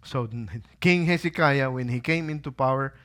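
A pastor preaching a sermon, asking the listeners rhetorical questions and acting out quotes in a lively way. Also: male voice, medium pitch, normal speed. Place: holy site visit.

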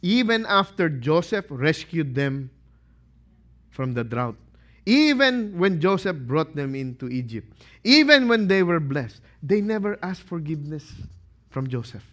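A male pastor preaching a sermon, animated, questioning his congregation and acting out quotes. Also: a little high, a little slow.

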